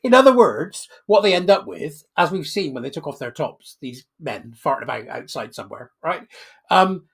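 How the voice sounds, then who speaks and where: Gravelly man rambling jokes. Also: a little high, big pitch swings, moderate pace, a bit bright. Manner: rambling, mocking, joke-telling. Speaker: commentator. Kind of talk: comic monologue.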